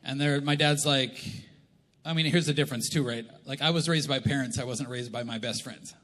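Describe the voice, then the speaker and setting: A middle-aged Canadian man preaching a humorous sermon, telling stories and acting out quotes with animated delivery. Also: mid-range voice, brisk. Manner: animated, jokey, acts out quotes. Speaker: pastor. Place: large church hall. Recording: live church hall reverb.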